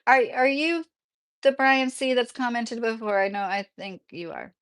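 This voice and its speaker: A woman's voice: a little high, moderate pace, a bit bright. Chatty woman with a slight Midwestern accent. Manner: chatty, rambling, laughs often. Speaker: streamer answering viewer questions. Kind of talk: casual livestream chat.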